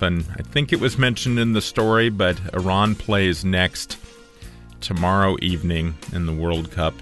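Deep-voiced local radio host. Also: male voice. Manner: relaxed, conversational, self-correcting. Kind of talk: casual radio announcing.

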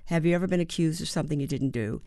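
A woman in her seventies, an actor and playwright from the United States, telling stories in an interview with halting starts and rhythmic emphasis. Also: low voice, mellow, dry recording, studio quality. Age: 70s. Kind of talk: conversational interview.

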